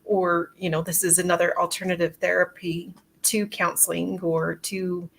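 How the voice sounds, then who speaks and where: A woman's voice: fairly low pitch, flat delivery, moderate pace, vocal fry, a little hiss or hum. A woman hosting a casual interview, speaking in an affirming, reflective and supportive way. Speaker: podcast host.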